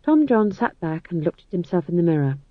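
A man narrating an audiobook in a wry, expressive way. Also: sits high, brisk, no room sound, narrow, tinny audio.

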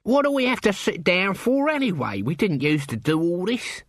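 A man's voice: high voice, wildly swooping pitch, normal speed, a bit bright, dry recording, clean studio sound, voice pushed up, heavily acted. A man voicing a scruffy, cheeky corporal who grumbles and complains. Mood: grumbling.

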